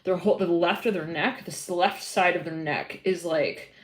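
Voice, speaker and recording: A woman's voice: lowish voice, normal speed. A woman doing a live tarot reading, chatty and giggly and rambling with many fillers. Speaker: tarot reader.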